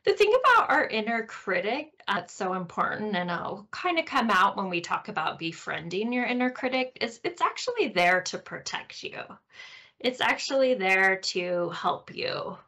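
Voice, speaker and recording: A woman hosting a podcast, teaching a course session in a gentle, explaining way with frequent tag questions. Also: mid-range voice, sing-song, normal speed. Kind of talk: teaching a recorded course talk.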